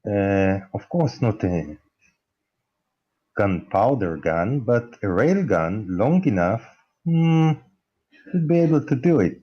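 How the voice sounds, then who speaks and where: A man in an online debate, speaking haltingly and thinking aloud as he makes his point. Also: on the low side, expressive, breathy edge, lo-fi sound. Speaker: debate panelist.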